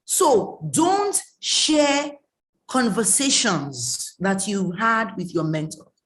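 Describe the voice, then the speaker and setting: A woman's voice: medium pitch, lively intonation, slow. A woman, giving an emphatic online coaching talk, scolding and repeating her warnings. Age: late 30s. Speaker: mentoring coach.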